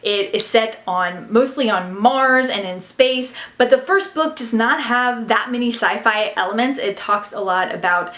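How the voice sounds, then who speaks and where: A young woman reviews audiobooks in a chatty, gushing way, her talk full of fillers. Her voice sits a little high. The sound has a roomy echo around it. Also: a little slow, hardly any pauses, fairly bright tone. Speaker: book vlogger. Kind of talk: casual book review chat.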